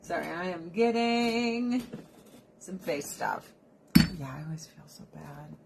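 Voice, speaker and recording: A woman's voice: fairly low pitch, expressive, takes it slowly, vocal fry, very noisy. A woman in her thirties chatting casually, ranting bluntly with lots of swearing and mocking impressions. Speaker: vlogger. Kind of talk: casual chat.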